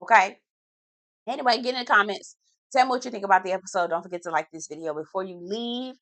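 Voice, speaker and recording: Female vlogger, bright and punchy, dramatic gossip recapper with slangy asides, dry close sound. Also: mid-range voice, quick pace, dry recording. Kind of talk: casual gossipy episode recap.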